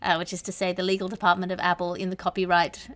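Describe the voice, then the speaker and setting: A woman's voice: lowish voice, completely flat delivery, quick pace, fairly bright tone. A woman hosting a comedy news panel podcast, setting up stories with wry puns. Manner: wry, punning story setups. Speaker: podcast host.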